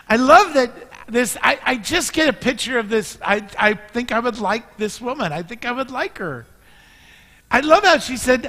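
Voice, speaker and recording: High bright preacher guy, earnest, gets loud then goes soft, big echoey church. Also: expressive, moderate pace. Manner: earnest, builds to emphatic peaks then drops soft. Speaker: pastor. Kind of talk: sermon. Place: church sanctuary. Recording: long church reverb.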